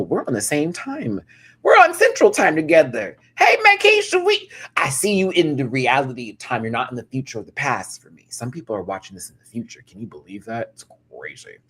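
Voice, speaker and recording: A man's voice: mid-range voice, husky. A man giving casual live-stream commentary, chatty and campy, greeting viewers in chat and laughing often.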